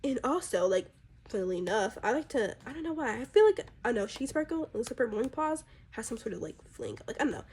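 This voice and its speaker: A woman's voice: fairly high pitch, very animated, fast talker, a little mellow, breathy edge. A woman casually chatting about her drawn characters, rambling and chatty, with plenty of fillers. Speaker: artist presenting her characters. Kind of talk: casual chat.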